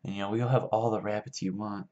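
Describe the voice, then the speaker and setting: Man putting on a protective weary friend, soft soothing tone, dull lo-fi sound. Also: lowish voice, steady tone, fast, natural voice.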